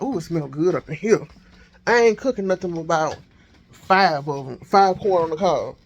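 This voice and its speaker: A man vlogging casually from his home kitchen on a handheld phone, thinking out loud as he cooks. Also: high voice, muffled recording. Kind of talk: casual chat while cooking.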